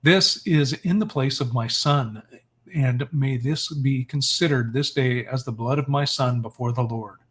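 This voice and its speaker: A solemn aged patriarch speaks formal, old-fashioned words of dedication, read by a man. The man uses his own mid-pitched reading voice. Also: measured pace, breathy edge.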